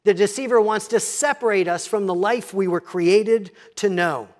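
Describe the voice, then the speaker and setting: A pastor preaching a sermon, teaching in a measured tone and reading scripture aloud. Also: medium pitch, a little mellow.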